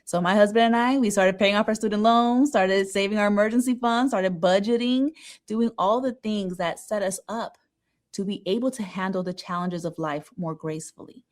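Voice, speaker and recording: A woman's voice: medium pitch, moderate pace. A woman being interviewed as an author on a podcast, speaking in an earnest, emphatic way. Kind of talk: casual interview.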